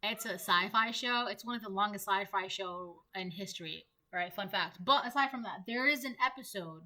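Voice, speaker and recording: A woman's voice: mid-range voice, normal speed, bright, forceful tone. A woman giving a casual spoken tarot reading. She rambles and keeps checking in with "right?" and "um". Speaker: tarot reader.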